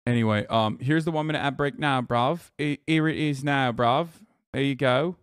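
A man hosts a live stream and reacts to a video with blunt, combative, sweary remarks. His voice sits at an ordinary middle pitch. The sound is dry and close, with no room echo. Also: normal speed, smooth. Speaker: livestream host.

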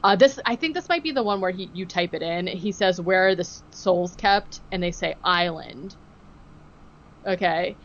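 Recapping a TV episode on her podcast, this woman co-host tells it animatedly in casual chat, performing the quotes and filling her speech with "like" and "um." She talks briskly with few pauses in a lowish voice, and the highs are cut off.

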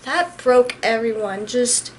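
A woman's voice: a little high, takes it slowly, slight background noise. A young woman co-hosting a casual movie review, telling emotional stories and acting out quotes. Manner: animated, emotional storytelling with acted-out quotes. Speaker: co-host.

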